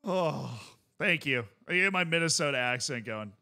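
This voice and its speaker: A man's voice: on the high side, lively intonation, normal speed, vocal fry, bright, forceful tone. A male streamer chatting casually while reacting to clips, enthusiastic and rambling, full of fillers.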